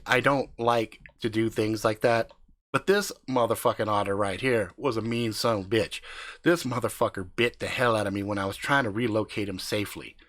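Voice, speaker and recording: A man's voice: on the low side, fairly bright tone. A man telling an improvised comic story in a casual, profane way.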